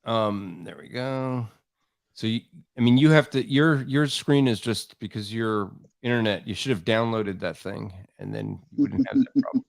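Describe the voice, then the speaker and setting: A man's voice: mid-range voice, creaky, no room sound. Guy hosting, mid voice, trips over his words a lot, dry sound. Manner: halting, repeats words while thinking. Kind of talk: casual online panel talk.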